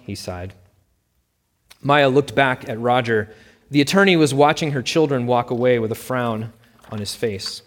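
A man narrates a story with steady, plain delivery at a middle pitch. His voice carries a long reverb tail, as if read in a hall. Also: normal speed.

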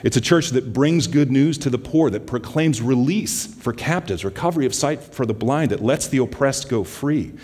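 A man giving a guest sermon in a church, mixing casual stories with slow, softly quoted scripture. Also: medium pitch, animated, slightly rough, in a large hall. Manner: conversational, scripture quotes slowed and softened. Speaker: guest preacher from a justice ministry.

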